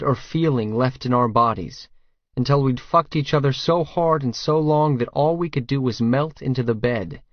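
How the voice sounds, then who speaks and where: A man's voice: mid-range voice, dry recording, highs cut off. A man narrating a first-person romance audiobook in a blunt, crude, matter-of-fact way.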